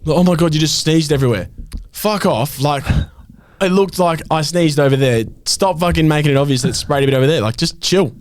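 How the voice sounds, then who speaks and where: A man's voice: a little high, brisk. A young man, a podcast co-host, ranting in casual chat and swearing a lot. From Australia.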